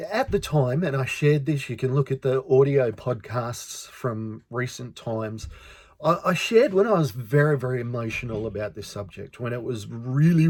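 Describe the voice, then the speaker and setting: A man's voice: medium pitch, darkish tone, no echo. Earnest Australian man, dry close sound. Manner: earnest, repeats words when emotional. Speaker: podcast host. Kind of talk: personal storytelling monologue.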